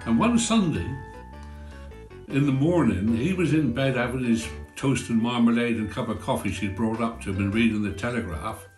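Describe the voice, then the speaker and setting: A man's voice: medium pitch, normal speed, a little mellow. A man, telling comic village stories in a chatty, folksy way. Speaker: storyteller. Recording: roomy with faint guitar.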